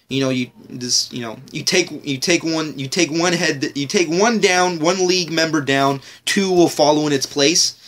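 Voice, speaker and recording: A man's voice: fairly high pitch, a bit bright. A man ranting casually in a TV episode review vlog, rambling, joking and swearing heavily.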